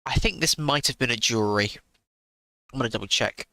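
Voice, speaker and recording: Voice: medium pitch, brisk, gravelly, pushed and bright, no room sound. A streamer giving sarcastic live reaction commentary into a close desk mic, swearing freely.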